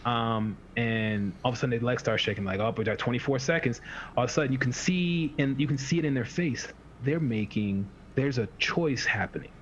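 In a dull lo-fi recording with faint hiss, a man with a medium-pitched voice talks fairly quickly and with few pauses. He's a fitness coach in a casual podcast chat, rambling and acting out his clients' inner voices.

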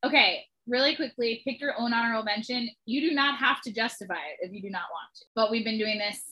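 A woman's voice: a little high, fast, bright, forceful tone, rough recording. A woman hosting a casual podcast chat, often laughing as she tells stories. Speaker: podcast host.

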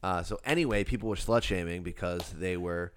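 A man's voice: low-pitched, fairly quick, clear, resonant tone, dry recording, studio quality. A man co-hosting a podcast, dropping wry, joking remarks in casual chat. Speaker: podcast co-host.

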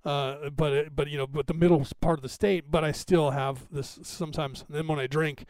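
A man's voice: fairly high pitch, fairly even intonation, a little fast, a little mellow, dry recording. A middle-aged man from Northern California with a Californian accent, hosting a live stream and chatting to viewers in a rambling, digressive way, often adding "right?".

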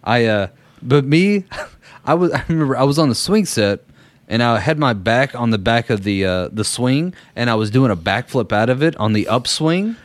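A young man hosting a casual podcast, telling stories in an animated way and laughing often. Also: medium pitch, moderate pace, no echo. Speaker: podcast host. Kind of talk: casual chat.

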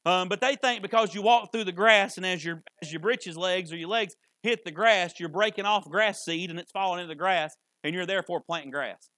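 A man's voice: sits high, brisk, few pauses, sharp tone, no room sound. A male preacher delivering a folksy sermon, often repeating words as he restarts. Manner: folksy, repetitive, stammers on restarts.

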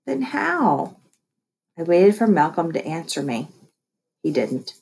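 A woman reading a first-person children's novel aloud with wry, expressive storytelling. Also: low voice, normal speed, husky. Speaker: audiobook reader. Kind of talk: first-person scripted narration.

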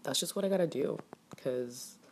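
A young woman telling a casual storytime rant to camera, animated and exasperated, swearing freely. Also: sits low, moderate pace. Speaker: vlogger.

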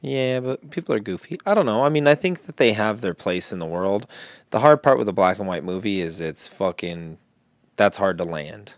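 A man's voice: lowish voice, lively intonation, moderate pace, no echo, studio quality. A man co-hosting a casual movie chat, laid-back and hedging, with some swearing.

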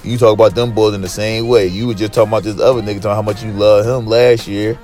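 A man's voice: fairly low pitch, steady tone, quick pace, darkish tone, soft background music. A man hosting his own podcast alone, talking to listeners in a loose, profane, hyped and rambling way. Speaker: podcast host. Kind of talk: casual solo podcast monologue.

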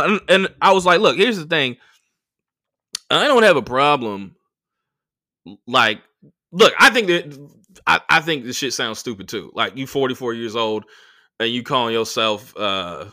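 With a slightly high, pushed and bright voice, a male American comedian hosting a podcast launches into a profane, casual story. He performs the voices of the people he quotes as he rants.

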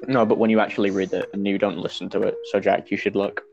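A man's voice: fairly low pitch, flat delivery, quick pace, gravelly, darkish tone, dull audio, faint music behind. A young man co-hosting a casual podcast, teasing his friends in a dry way. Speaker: podcast co-host. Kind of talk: casual chat.

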